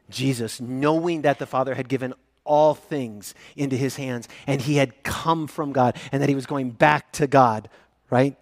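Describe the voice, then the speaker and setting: A man preaching a sermon as a pastor, swinging between loud, raised questions and soft, low passages. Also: steady tone, normal speed, no echo, clean studio sound.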